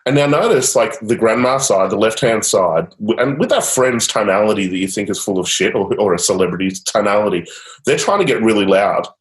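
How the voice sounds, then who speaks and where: Deep-voiced man coaching with roomy echo. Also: lively intonation, brisk. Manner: upbeat, repeats encouragement, casual fillers. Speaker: change coach. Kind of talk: guided coaching session.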